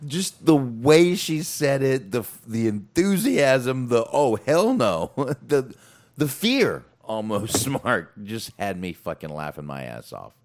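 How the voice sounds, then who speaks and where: A podcast co-host with a mid-range voice recaps a wrestling show at a slow pace. He's animated and chatty, laughing often and swearing freely.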